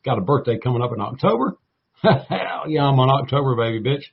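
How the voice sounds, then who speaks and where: A man's voice: mid-range voice, lively intonation, fairly quick, gravelly, husky, narrow, tinny audio. Folksy Southern man in his forties. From North Florida, United States. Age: 40s. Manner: folksy and playful, says "baby" and "y'all" a lot. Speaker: guest. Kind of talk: casual talk show conversation.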